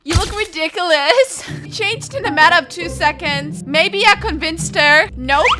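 A woman's voice: very high voice, expressive, measured pace. A young woman giving playful, teasing gameplay commentary as a gaming YouTuber, sassy and giggly as she trashes other players. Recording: music playing under the voice.

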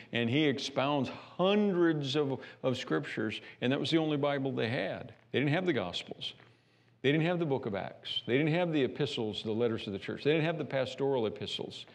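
A man preaching a sermon as pastor of a church, animated and repeating himself as he builds each point. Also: medium pitch, gravelly. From United States. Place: church sanctuary.

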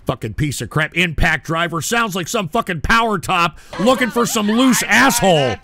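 Male streamer, angry profane rant, shouty, dry close sound. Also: high-pitched, expressive, moderate pace, no echo. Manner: angry, insulting, frequently shouting. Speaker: livestream show host. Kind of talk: profane ranting livestream talk.

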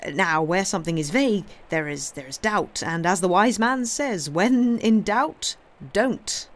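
A woman's voice: lowish voice, animated, moderate pace, fairly bright tone. A woman reading aloud, voicing a pompous middle-aged male banker who stammers and turns haughty. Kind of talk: reading a novel aloud on a livestream.

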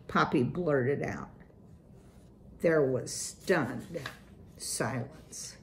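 A woman reading a children's chapter book aloud, calm and unhurried. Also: sits low, vocal fry.

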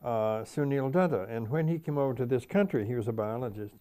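With a warm, medium-pitched voice and a brisk delivery, an older male poet is the guest in an interview. He reflects on things and reads his poems aloud, repeating certain stanzas, blending conversation with poetry reading.

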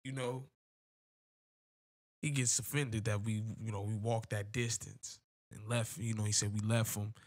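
A man's voice: on the low side, steady tone, a little slow. A man from telling a long story on a casual podcast, rambling with lots of fillers and slang. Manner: rambling, many "you know" fillers, slangy. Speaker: podcast co-host.

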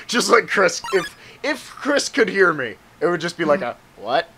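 A man's voice: high voice, sing-song, unhurried, pushed and bright, slight background noise. A man giving casual let's-play commentary, joking, swearing and talking to the game's characters. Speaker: let's player. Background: game music.

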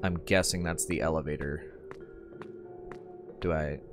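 A man giving casual gameplay commentary, relaxed and wry, thinking aloud as he plays. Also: a bass voice, a little slow, music in the background. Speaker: gamer, channel host.

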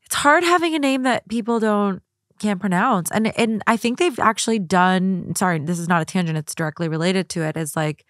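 A woman's voice: medium pitch, brisk, dry recording, clean studio sound. A woman guest co-hosting a podcast in casual chat, rambling with lots of fillers. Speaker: guest co-host.

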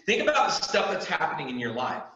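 A man's voice: on the high side, big pitch swings, fast, sharp tone. A man preaching a youth group sermon as youth pastor, earnest and emphatic, with repeated calls to his listeners. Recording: echoey room, distant mic, dull sound.

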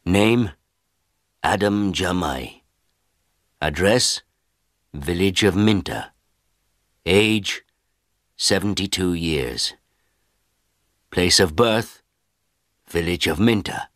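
Deep-voiced man reading a story. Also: animated, drawn-out words, pauses often, fairly bright tone, no echo, clean studio sound. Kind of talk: scripted first-person story narration for English learners.

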